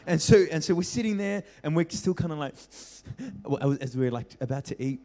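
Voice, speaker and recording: A young man preaching as a pastor, telling a childhood story with lively acted-out voices and frequent laughter. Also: fairly high pitch, moderate pace, few pauses. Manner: animated storyteller, acts out voices, laughs often. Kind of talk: storytelling sermon. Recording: reverberant hall.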